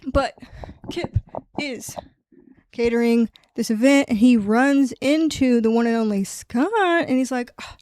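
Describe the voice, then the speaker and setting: A young woman chatting casually about a book, rambling, animated and swearing freely. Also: on the high side, unhurried. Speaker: book reviewer. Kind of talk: casual chat.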